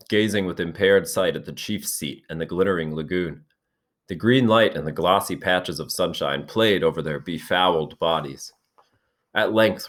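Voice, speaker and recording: A man, a teacher, reading a novel aloud in steady, measured narration. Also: low-pitched.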